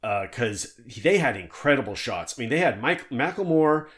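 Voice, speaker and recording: A man's voice: medium pitch, big pitch swings, moderate pace, a bit bright. A man hosting a casual interview, telling sailing stories in a rambling way, often stopping himself and laughing. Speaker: podcast host and former tallship captain.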